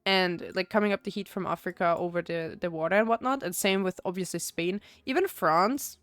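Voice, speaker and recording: A woman's voice: lowish voice, fairly quick, a bit bright, no room sound. A young woman from Austria, chatting casually while streaming a game, rambling with many fillers and restarts. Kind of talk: casual gameplay chat.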